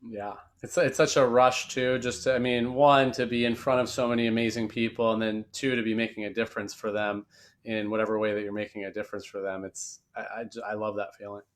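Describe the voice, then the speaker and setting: A man hosting a casual interview, warmly affirming his guest's stories. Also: fairly low pitch, little pitch movement, a little fast. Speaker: podcast host.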